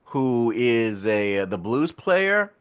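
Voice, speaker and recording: A man co-hosts a casual podcast and retells a movie's plot at length. He rambles, backtracks and laughs as he talks, and his pitch jumps around a lot. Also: sing-song, extremely slow, smooth, highs cut off. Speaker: podcast co-host. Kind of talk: casual film review chat.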